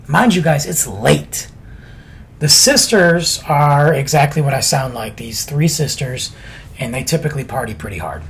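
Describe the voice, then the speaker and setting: A man's voice: medium pitch, gravelly. A man casually telling a story on a podcast, laid-back and chatty with lots of slang.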